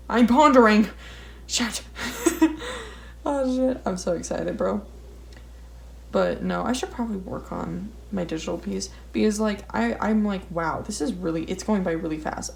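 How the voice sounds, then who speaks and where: A young woman who vlogs about art talks casually while drawing, rambling on, swearing plenty, and knocking herself in self-deprecating asides. Her voice is fairly low, gravelly, and a little mellow, and faint noise can be heard behind her.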